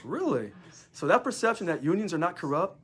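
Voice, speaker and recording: A man's voice: sits high, big pitch swings, a little fast, breathy edge. A man, a union local leader, talking in a sarcastic monologue full of rhetorical questions. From United States. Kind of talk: casual monologue video.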